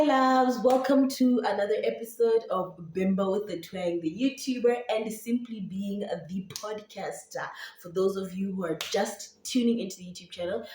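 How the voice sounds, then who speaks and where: This YouTuber and podcaster, a young Zambian woman, speaks English with a Setswana twang in a medium-pitched, dark-toned voice. Her casual vlog talk wanders, packed with fillers and false starts. Some hiss or hum sits under a roomy, echoing recording where she's far from the mic.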